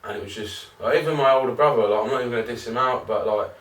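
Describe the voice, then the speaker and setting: This podcast co-host talks very fast in a medium-pitched male voice, laughing often as he spins rambling stories laced with swearing. The chat is casual, recorded on a distant mic in a roomy space with a faint noise floor.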